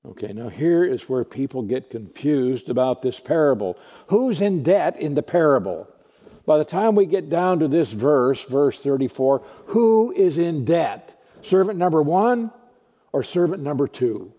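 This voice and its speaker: Man preaching, warm husky voice, unhurried, long reverberant hall, dull lo-fi sound. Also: a little high, sing-song. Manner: slow, deliberate teaching with rhetorical questions. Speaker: pastor. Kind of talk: expository sermon.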